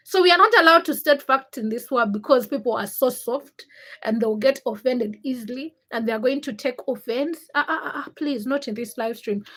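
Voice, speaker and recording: A woman's voice: high-pitched, fairly bright tone. A young woman hosting a casual livestream, teasing her chat and reading out viewers' names. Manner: teasing and laughing, reads chat names aloud. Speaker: livestream host.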